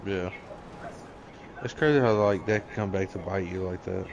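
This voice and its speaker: A man's voice: deep voice, moderate pace, gravelly. A man giving brief sympathetic replies in a casual chat. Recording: distant, muffled, crowd noise.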